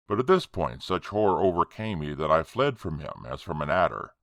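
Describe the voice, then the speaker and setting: A man reading a horror story aloud in a slow, measured way. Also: low voice, pushed and bright, no room sound. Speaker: audiobook narrator. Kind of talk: scripted horror narration.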